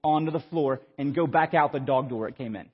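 High, husky preacher in a hall. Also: male voice, fast. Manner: animated storyteller, stammering restarts, self-mocking humor. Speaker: pastor. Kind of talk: sermon with a storytelling anecdote. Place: church sanctuary. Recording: muffled sound with long hall reverb.

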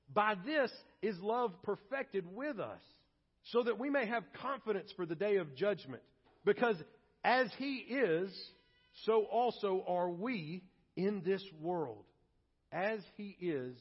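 Husky high-voiced preacher. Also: male voice. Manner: emphatic preaching, slipping into comic voices for quoted people. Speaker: pastor. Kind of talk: sermon. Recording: dull, reverberant church recording.

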